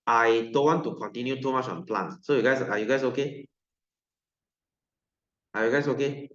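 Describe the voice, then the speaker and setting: A Malaysian man runs a relaxed science lesson, joking with his students and laughing between points. His voice sits at a middle pitch. The recording is roomy and a little dull, as if made in a bare room. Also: moderate pace. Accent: Malaysian English. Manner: joking, chatty, laughs often, mixes in Malay. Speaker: science teacher. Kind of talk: online class teaching.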